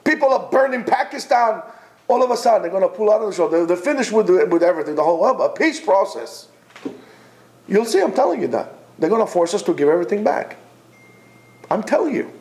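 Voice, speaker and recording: High-voiced man teaching with emphatic repetition. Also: sing-song, brisk, darkish tone. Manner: emphatic, rhetorical, repeats points; talks directly to absent listeners. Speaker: Torah teacher. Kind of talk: informal Torah class.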